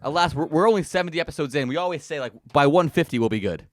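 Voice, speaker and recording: A man's voice: on the high side, expressive, no room sound, clean studio sound. A young man co-hosting a casual comedy podcast, easygoing and profane. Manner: easygoing, casual, swears, quick agreeing. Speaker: podcast co-host.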